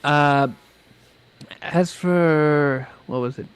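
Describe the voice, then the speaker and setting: Brief: male guest, fairly high voice, dead-dry close sound, rambling and profane. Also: very slow, clear, resonant tone, dry recording. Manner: rambling, many restarts, blunt and profane. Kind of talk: casual chat.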